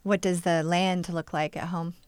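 A woman's voice: on the low side, flat delivery, moderate pace, darkish tone, clean tone, no room sound. A woman radio interviewer who reads scripted narration and asks plain, curious questions.

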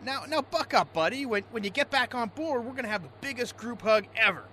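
A man's voice: very high voice, expressive, fairly quick, slight background noise, full character voice. An actor playing a hot-tempered fishing skipper in a radio comedy sketch, who bellows orders and then switches to an overdone soothing tone. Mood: mock soothing. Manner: yells in exasperation, then turns mock-soothing.

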